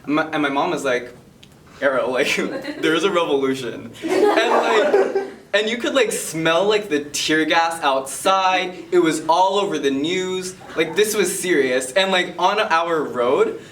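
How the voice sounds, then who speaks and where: A man's voice: fairly high pitch, animated, unhurried. A teenage boy casually telling a personal story, chatty and full of filler words. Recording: roomy sound from a distant mic, faint noise.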